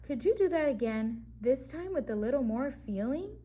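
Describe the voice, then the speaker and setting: A courteous, coaxing man who talks a lion into going with him, put on by a woman reading a picture book. He is polite and persuasive, in a fairly high voice. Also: big pitch swings, normal speed, dark tone, husky, heavily acted. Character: smooth-talking scheming adult man, circus recruiter.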